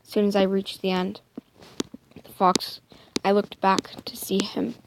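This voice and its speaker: A woman improvising a first-person story in a soft, hesitant way, often dropping into a whisper and correcting herself. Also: mid-range voice, flat delivery, measured pace, creaky, noisy background.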